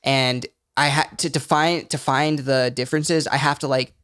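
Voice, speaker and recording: A man's voice: medium pitch, steady tone, normal speed, a bit bright, clear, resonant tone, dry recording, clean studio sound. A young man as a podcast guest, speaking in an earnest, reflective, loose way. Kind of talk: casual podcast conversation.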